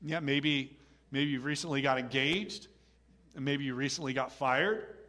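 A middle-aged man preaching a sermon in a lively, conversational way, often acting out quoted voices. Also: mid-range voice, measured pace. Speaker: pastor.

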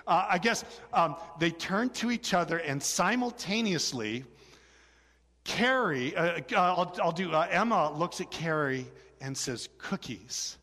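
A man's voice: fairly high pitch, expressive, a little slow, sharp tone. A male pastor giving a chatty, joking sermon, trading questions and answers with his congregation in a large church sanctuary. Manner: joking, chatty, frequent fillers and restarts. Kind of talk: conversational sermon with congregation back-and-forth. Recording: long reverb of a large hall.

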